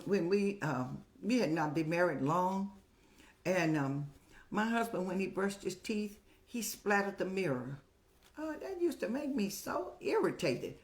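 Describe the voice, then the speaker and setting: An older woman hosting a show, giving motherly, preachy advice in a folksy way and telling stories with lively rises in pitch. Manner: folksy, preachy, calls listeners child; animated storytelling with rising pitch. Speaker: host answering viewer questions.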